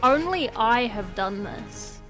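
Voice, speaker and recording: A woman's voice: fairly high pitch, lively intonation, slow pace, a bit bright, soft background music. Woman voicing a boastful ancient male schemer. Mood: gloating. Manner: gloating, theatrical.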